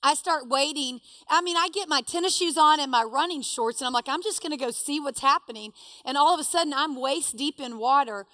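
A woman telling a personal story to a live audience, animated and self-deprecating. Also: sits high, fairly quick, few pauses, no room sound.

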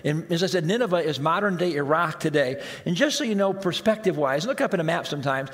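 A man with a high voice delivers a sermon. He talks to the congregation like a conversation, pressing hard on key points and then dropping into quiet, drawn-out asides. His voice rings with a long reverb through a large hall. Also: expressive. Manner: conversational preaching, swinging between raised emphasis and hushed, slow asides. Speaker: pastor.

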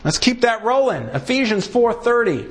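A man preaching a sermon, acting out short exchanges and punching key words for emphasis. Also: normal speed. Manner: animated preaching, swings pitch widely for emphasis; acts out short dialogues between God and a sinner. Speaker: pastor.

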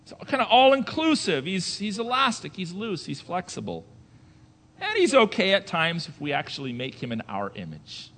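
A male pastor preaching a sermon, moving between quiet conversational asides and loud emphatic declarations, with rhetorical questions to the congregation. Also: fairly high pitch, wildly swooping pitch, normal speed, in a large hall.

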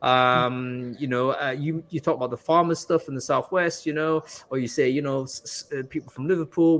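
A man hosting a live panel discussion, speaking thoughtfully and hesitantly, with many fillers. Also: a little high. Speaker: host.

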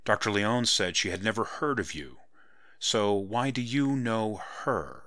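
A man's voice: on the low side, lively intonation, measured pace, bright, forceful tone, no room sound, clean studio sound, exaggerated voice. A man voicing a wary, questioning young woman in a hesitant, searching manner. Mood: thinking aloud.

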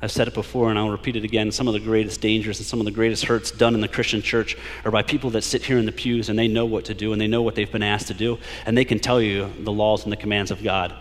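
A man preaching a sermon as a pastor, building to emphatic peaks and slowing down to read scripture aloud. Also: on the low side, level tone, long reverb tail. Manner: preaching with rising emphasis, drawn-out scripture quotes. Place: church sanctuary.

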